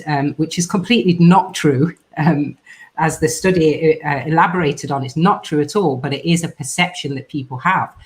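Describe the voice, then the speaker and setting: A woman hosting a casual podcast discussion, reading out listener comments and putting questions to her co-hosts. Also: low voice. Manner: leads the talk, reads comments and asks others questions. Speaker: podcast host.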